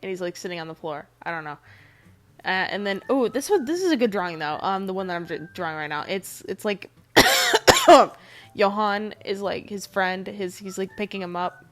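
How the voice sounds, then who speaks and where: A woman's voice: medium pitch, sing-song, moderate pace, fairly bright tone. A woman narrating a voice-over about her own drawings in casual, rambling chat, congested and swearing freely. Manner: rambling, loose and swearing a lot. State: congested, nasal. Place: home recording, voice-over over drawing footage.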